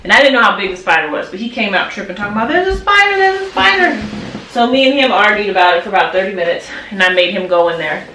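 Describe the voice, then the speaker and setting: A woman's voice: medium pitch, racing, few pauses, sharp tone, slight background noise. A young woman, a mother co-hosting a family vlog, chatting and telling stories with frequent laughter and teasing. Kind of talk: casual family vlog chat. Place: home nursery room, indoors. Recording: roomy, distant home video.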